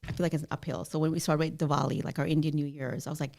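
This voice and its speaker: A middle-aged woman guest telling stories in a casual interview, animated and laughing often. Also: deep voice, rapid-fire, creaky. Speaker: podcast guest.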